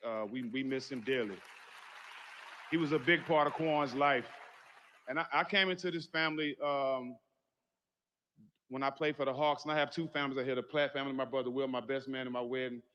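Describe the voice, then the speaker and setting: A man's voice: mid-range voice, steady tone, brisk, long pauses, bright, forceful tone. Middle-aged man giving a heartfelt eulogy. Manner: earnest, heartfelt, addresses family members directly. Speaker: eulogy speaker. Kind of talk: funeral eulogy. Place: large funeral hall. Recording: muffled audio with long hall reverb.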